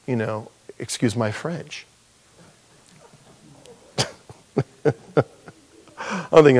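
Guy preaching a sermon, chatty and rambly, lots of restarts, middle pitch. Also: extremely slow, long pauses, a little mellow, breathy edge. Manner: conversational, rambling with restarts and asides. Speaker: pastor.

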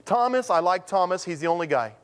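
A man preaching from the pulpit, his voice sitting a bit higher than most men's. He tells stories with animated, acted-out quotes, then slows to a firm, deliberate pace to drive home each point. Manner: animated storytelling, acts out quotes with sudden pitch jumps; slows to a deliberate, emphatic delivery on key points. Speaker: pastor. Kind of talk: sermon.

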